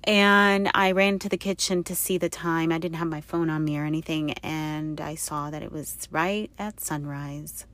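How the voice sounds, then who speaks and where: A middle-aged woman hosting her own podcast, speaking softly and haltingly with many fillers, teary and emotional. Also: low voice, fairly even intonation. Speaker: podcast host. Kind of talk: personal podcast monologue.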